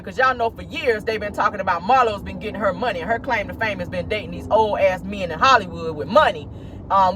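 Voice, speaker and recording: A man hosting a casual celebrity gossip vlog from his car, talking with animated, laughing, playful sass. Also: sits high, a little hiss or hum. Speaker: host.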